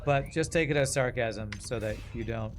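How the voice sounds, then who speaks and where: Over game music and a bit of background noise, a man with a medium-pitched voice talks at a normal speed. He's streaming his gameplay and chatting sarcastically and jokingly with his viewers.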